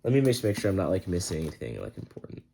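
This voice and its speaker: A young man with a somewhat low voice talks through a story's plot in a loose, rambling way, full of slang and fillers. He keeps breaking into quick put-on voices for the characters as he goes. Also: wildly swooping pitch, gravelly, dark tone, slight background noise. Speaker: book reviewer. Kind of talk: casual book summary.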